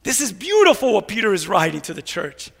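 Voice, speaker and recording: High, bright-voiced shouting preacher. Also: male voice, huge pitch swings, a little fast, creaky, breathy edge, big-room sound. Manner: preachy call-and-response, rhetorical "what?" questions; mocking grumblers in mumbled asides. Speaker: pastor. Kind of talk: energetic sermon. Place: church sanctuary.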